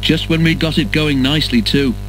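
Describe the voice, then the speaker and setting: A rattled railway fireman, calling out high and urgent, as a male storyteller acts him. The voice jumps well above the narrator's own, with faint music behind. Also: fairly even intonation, fairly quick, a bit bright, natural voice, rough recording. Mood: kindly.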